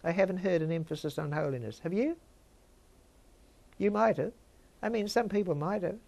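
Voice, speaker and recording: Older woman, Bible teacher, conversational, gravelly voice with a little fry. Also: on the low side, moderate pace, dark tone. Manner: conversational, chats with listeners.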